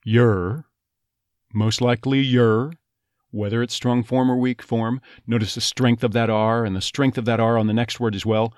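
A man teaching a phonetics lesson, breaking words into their sounds and demonstrating vowels and glides slowly. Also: medium pitch, little pitch movement, dry recording, clean studio sound. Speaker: accent coach.

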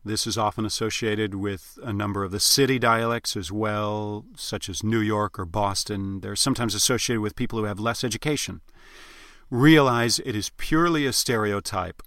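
A man teaching accents as a dialect coach, explaining sounds in a measured, instructional way and demonstrating examples. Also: on the low side, fairly bright tone, dry recording, clean studio sound. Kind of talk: instructional narration.

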